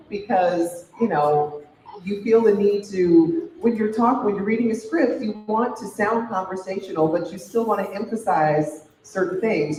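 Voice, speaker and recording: Middle-aged woman, news anchor, relaxed chat, roomy far-off hall sound. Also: fairly low pitch, slight background noise. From Chicago. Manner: conversational, thoughtful with many fillers. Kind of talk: fireside chat answering questions. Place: large hall event. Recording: roomy hall audio from afar.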